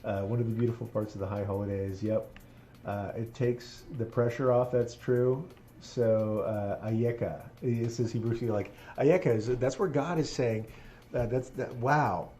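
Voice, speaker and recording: A man's voice: mid-range voice, steady tone, unhurried, mellow. A man rabbi chatting casually on a live stream while playing a game, earnest and moved, laughing often.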